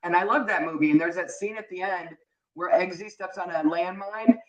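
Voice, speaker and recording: A woman's voice: on the low side, fairly quick, a crowd in the background, rough recording. A middle-aged woman co-hosting a casual live podcast, telling stories in a wry, easygoing way. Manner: storytelling, wry, laughs easily. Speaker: podcast co-host. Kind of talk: casual live-stream chat.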